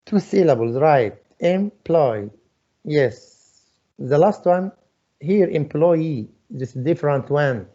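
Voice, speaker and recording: A man's voice: on the high side, lively intonation, slow, mellow, lo-fi sound. A male English teacher leading an online class, patiently repeating his questions to students. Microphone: video call.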